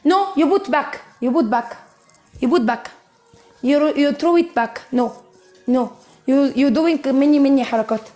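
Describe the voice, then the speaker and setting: A woman's voice: high voice, moderate pace, warm tone, faint music behind. A woman on a TikTok live match, bantering in broken English mixed with Arabic, insistent and repeating herself.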